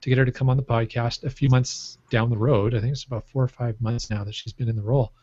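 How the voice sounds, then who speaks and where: A man's voice: mid-range voice, steady tone, quick pace, warm tone, slightly rough, no echo. A man co-hosting a podcast in casual chat, rambling through his stories and laughing often. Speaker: podcast co-host. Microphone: microphone on a stand. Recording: muffled, dry podcast audio.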